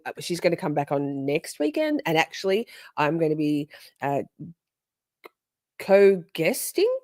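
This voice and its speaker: A woman's voice: fairly low pitch, darkish tone, no room sound. A woman hosting a livestream, chatting casually, swearing and reacting to her chat. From Australia. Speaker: livestream host.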